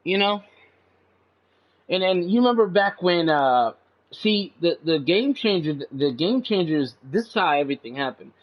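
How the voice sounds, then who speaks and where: This channel host has a high-pitched, animated voice and talks at a normal speed, rambling profanely and slipping "man" into his lines. When indignation hits, his voice shoots up sharply. The audio comes across dull and lo-fi.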